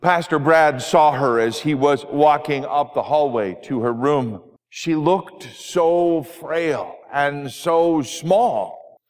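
A pastor delivering a sermon, easing into a story with gentle, measured storytelling. His voice is fairly high for a man, and the sound trails off in a long hall reverb.

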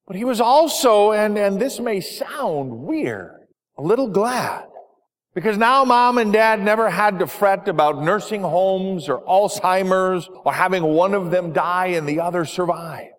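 A man preaching, telling a gentle story to his congregation, voice dropping quiet at tender moments. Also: high-pitched, expressive, a little slow. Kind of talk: sermon story narration. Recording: long hall reverb.

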